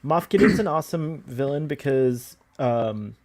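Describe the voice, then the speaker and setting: An eager man co-hosts a casual podcast. He laughs often and fills his talk with "like" and "um". His pitch sits in the middle. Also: unhurried, darkish tone. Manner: enthusiastic, laughs often, hesitant fillers. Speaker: podcast co-host. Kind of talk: casual chat.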